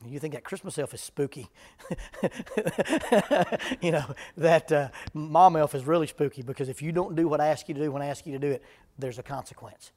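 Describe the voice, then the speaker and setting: A middle-aged man with a drawl and a voice pitched a bit high speaks as a preacher to a live audience. He tells homespun stories and slips in dry, deadpan jokes. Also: moderate pace. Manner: humorous storytelling, deadpan jokes. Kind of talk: folksy talk to a live audience.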